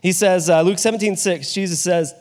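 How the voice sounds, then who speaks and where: A man's voice: high-pitched, fairly quick, a little mellow, in a large hall. A male pastor giving a sermon in a conversational way, often asking his listeners rhetorical questions.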